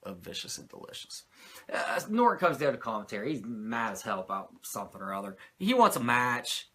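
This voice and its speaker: A man's voice: medium pitch, big pitch swings, brisk, fairly bright tone, slightly rough. A man hosting a podcast, recapping wrestling in a rambling, crude, jokey way. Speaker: podcast host reviewing wrestling. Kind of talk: casual profane recap.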